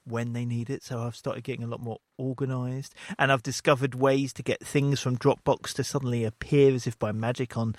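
A man's voice: medium pitch, flat delivery, fairly quick, few pauses, no room sound. A man co-hosting a podcast in a chatty, jokey way. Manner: chatty, jokey, with playful put-on voices. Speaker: podcast co-host. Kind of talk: casual podcast chat.

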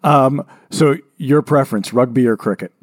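A man co-hosting a podcast, running a playful lightning round of quick questions. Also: medium pitch, husky, dry recording. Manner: playful, upbeat. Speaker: podcast co-host.

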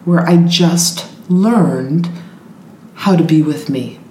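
Lower-voiced woman telling an animated story. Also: slow pace. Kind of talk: casual storytelling chat. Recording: echoey room with faint noise.

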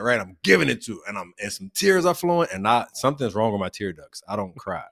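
A man with a Louisville Kentucky accent tells a story on a podcast, his pitch swinging up and down as he laughs his way through it. The sound is close and dry, with no room around it. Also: fast talker, creaky, hardly any pauses, no echo. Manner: animated storytelling, laughs a lot. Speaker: podcast host. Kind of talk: casual chat.

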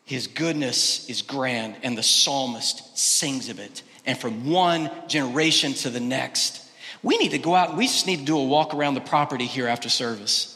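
A male pastor preaching a sermon, swinging between loud, emphatic exclamations and quiet, hushed lines. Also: medium pitch, moderate pace, in a large hall. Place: church sanctuary.

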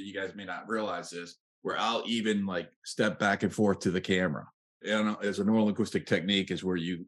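Low-voiced male coach, animated, acts out pitches. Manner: animated, acts out sample sales lines; laughs at his own examples. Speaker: real estate coach and podcast host. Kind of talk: coaching talk to agents.

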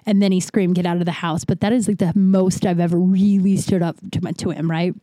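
A woman's voice: fairly low pitch, flat delivery, dark tone, no echo. A woman hosting a podcast, telling a personal story frankly and with swearing, often stopping and restarting. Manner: frank and profane, halting with restarts. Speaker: podcast host. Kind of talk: candid storytelling monologue.

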